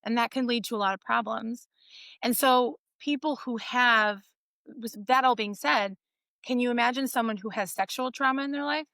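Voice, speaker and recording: A woman with a bright, ringing, somewhat high voice talks as a physical therapist guest on a podcast. She tells stories in a loose, animated way and keeps checking in with "right?" The sound is dry and close, with no room around it. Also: normal speed, dry recording. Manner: animated storytelling, frequent "like" and "right?". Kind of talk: casual interview chat.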